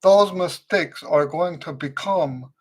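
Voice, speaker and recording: A man teaching trumpet on a live-stream Q&A, tired and weak with a fading voice, speaking slowly and repeating his key points for emphasis. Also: fairly high pitch.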